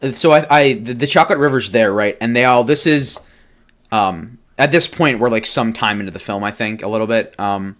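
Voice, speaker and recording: A man's voice: mid-range voice, fairly bright tone. A man co-hosting a podcast, chatting casually and joking as he riffs on ideas. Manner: jokey, acts out quick silly voices. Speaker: podcast co-host. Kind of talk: casual brainstorming chat.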